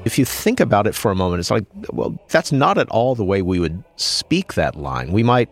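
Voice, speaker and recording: A man's voice: fairly low pitch, very animated, normal speed. A man giving thoughtful, lecture-like commentary on music history, sometimes reciting lines to show their stress. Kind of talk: explanatory commentary.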